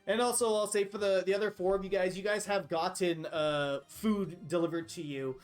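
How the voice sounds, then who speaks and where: A man's voice: sits high, steady tone, moderate pace, soft background music. A man narrating a tabletop game as game master, chatty and full of fillers, often laughing.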